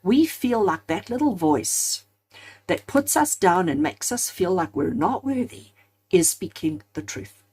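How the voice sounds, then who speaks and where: A woman reading tarot cards for her viewers, her voice a little husky and breathy. She speaks earnestly, stacking repeated phrases into emphatic lists and calling her audience friends. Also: mid-range voice, big pitch swings, a little slow, a little mellow. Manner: addresses viewers directly as friends. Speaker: tarot card reader. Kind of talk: spoken tarot reading to camera.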